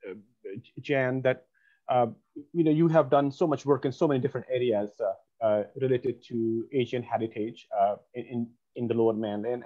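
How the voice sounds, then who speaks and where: A man's voice: medium pitch, dark tone. Polite, hesitant man on dull call audio. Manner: polite, hesitant, many fillers. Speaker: program host. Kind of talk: interview hosting.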